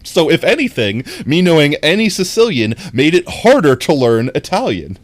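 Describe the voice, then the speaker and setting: A man's voice: fairly high pitch, sing-song, normal speed, dry recording. A young man streaming live, rambling through casual chat and reacting to his viewers, with lots of fillers and easy laughter. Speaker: livestreamer.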